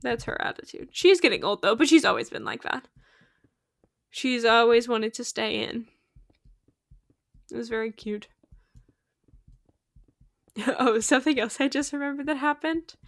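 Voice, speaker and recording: A woman's voice: fairly high pitch, lively intonation, measured pace, vocal fry, pauses often, no echo, clean studio sound. A young woman chatting casually while livestreaming a game, rambling with lots of fillers and laughs, sleepy and yawning. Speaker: streamer.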